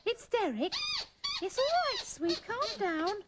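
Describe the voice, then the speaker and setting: A children's show presenter, a woman with a very high voice that swoops wildly up and down. She coaxes her puppets and cracks corny jokes. Loud old-tape hiss sits under everything. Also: very animated, slow pace. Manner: cheerful, coaxing, corny jokes.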